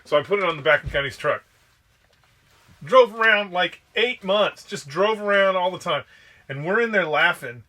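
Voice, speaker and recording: A man with a bright, forward voice telling swear-laden stories on a casual podcast. His voice sits a little above the usual male range. He acts out the lines of the people in his stories as he goes. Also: high voice, moderate pace. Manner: profane, animated anecdotes with acted quotes. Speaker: podcast co-host. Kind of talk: casual storytelling.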